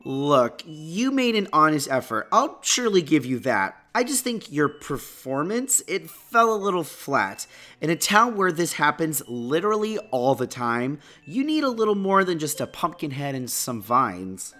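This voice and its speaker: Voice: medium pitch, unhurried. A performer playing an unimpressed, bored human, speaking dryly and sarcastically in an audio drama. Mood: reassuring. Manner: dry, sarcastic and deadpan.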